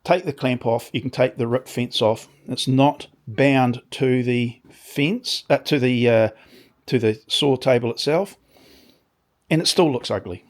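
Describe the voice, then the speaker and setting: A man talks through a demonstration in his small workshop at a relaxed, rambling pace, often stopping to correct himself. His voice is a little croaky from sawdust and sits at an ordinary middle pitch. He drops in dry, understated asides. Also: unhurried. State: slightly croaky from dust. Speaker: workshop video maker.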